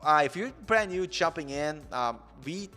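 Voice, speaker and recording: A man's voice: fairly high pitch, lively intonation, moderate pace, pushed and bright, in a large hall, faint music behind. Earnest rambling man in his forties. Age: 40s. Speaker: host of a coding channel. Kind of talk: casual live-stream chat.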